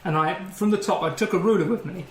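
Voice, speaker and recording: Co-host, high voice, rambling laughing storyteller, roomy echo. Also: male voice, quick pace. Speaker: podcast co-host. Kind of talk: casual chat, anecdote. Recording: echoey room with faint noise.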